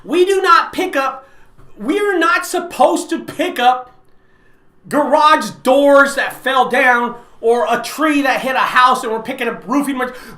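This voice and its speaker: A man's voice: extremely high pitch, unhurried. A man who runs a junk removal business, talking casually to camera and repeating his points for emphasis. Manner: animated, repeats points for emphasis, many fillers and restarts. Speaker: junk removal business owner and channel host. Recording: roomy echoey room.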